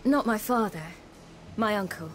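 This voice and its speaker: An actress voicing a composed young female monster hunter in a video game, speaking in a calm, measured, matter-of-fact way. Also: mid-range voice, natural voice. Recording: game music playing behind.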